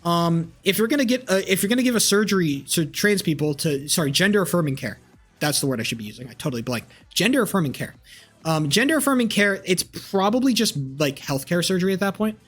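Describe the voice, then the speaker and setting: A man's voice: high-pitched, expressive, fast talker, fairly bright tone, soft background music. A man streaming live, ranting combatively and profanely as he argues with chat. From United States. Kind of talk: live-stream political rant.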